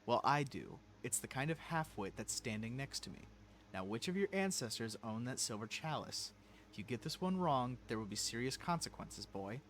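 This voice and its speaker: A man voicing a stern, contemptuous older aristocratic father in a story game, speaking harshly and dropping low on his scornful jabs. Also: very animated, moderate pace, fairly bright tone.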